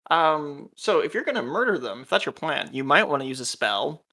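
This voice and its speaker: Bright-voiced man running a tabletop game. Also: fairly high pitch, very animated, fairly quick. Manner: patient, explaining rules to a new player. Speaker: game master.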